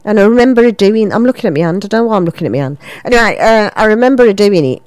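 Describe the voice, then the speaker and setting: A woman in her fifties from England, presenting a local radio show with lively, self-mocking, rambling chat into a studio microphone. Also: mid-range voice, rapid-fire, no room sound. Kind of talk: chatty local radio banter.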